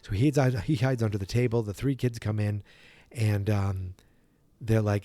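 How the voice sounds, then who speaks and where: A man's voice: lowish voice, steady tone, moderate pace, mellow, no echo. A man hosting a podcast, casually retelling a film from memory in a rambling way. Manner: rambling, full of restarts and impressions. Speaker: podcast host.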